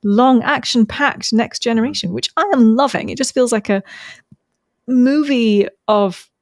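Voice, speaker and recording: A woman's voice: on the high side, unhurried, no room sound, clean studio sound. A woman co-hosting a podcast, chatting casually and rambling with many ums. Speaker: podcast co-host. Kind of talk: casual recap chat.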